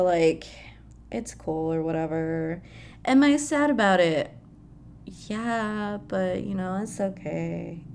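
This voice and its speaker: A young woman with a medium-pitched, darkish voice hosts a casual pop culture podcast, with slight background noise. Chatting about celebrity news, she swears freely and laughs often.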